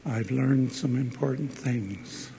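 An older man, a university professor, giving a devotional address and telling a personal story in a slow, earnest way with heartfelt exclamations. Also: medium pitch, gravelly, dark tone, slight background noise. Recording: long reverb of a large hall.

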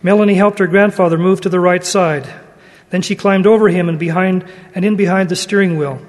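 A man giving an earnest, measured sermon and reading a story aloud. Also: high voice, fairly even intonation. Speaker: religious speaker. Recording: long hall reverb.

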